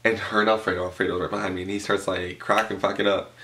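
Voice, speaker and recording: A young man from Canada telling a storytime vlog in a casual, animated way, full of swearing and fillers, acting out the voices of the people in the story. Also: sits low, fast. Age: young adult. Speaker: vlogger. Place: room at home, tablecloth backdrop.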